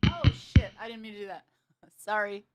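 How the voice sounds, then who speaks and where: A woman bassist talks straight to her stream viewers in an easy, casual way. Her voice sits at an ordinary middle pitch for a woman. She is excitable, laughs a lot and lets the odd mild curse slip. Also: fairly quick, smooth, soft background music. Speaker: bassist hosting a livestream. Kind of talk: casual livestream chat with viewers.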